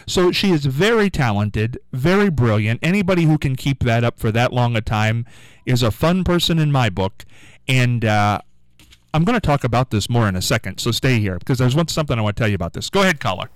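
A man's voice: mid-range voice, lively intonation, normal speed, dry recording, rough recording. A man hosting a call-in radio talk show, chatting casually and rambling, often repeating himself.

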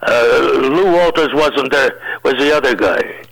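An older man, a comedian, telling rambling, animated anecdotes in a casual interview. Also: medium pitch, a little slow, low-quality recording. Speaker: comedian guest.

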